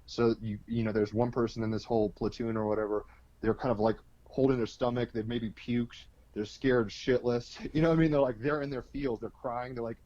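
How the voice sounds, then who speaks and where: A man talks through astrology as an interview guest, rambling in a loose, colloquial way with plenty of fillers. His pitch sits in a middle range. The sound is dull and lo-fi, with a dry, close feel. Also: fairly even intonation, fairly quick, darkish tone, no echo. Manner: loose and colloquial, full of "like" and "you know", with mild swearing. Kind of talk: casual explanatory interview talk.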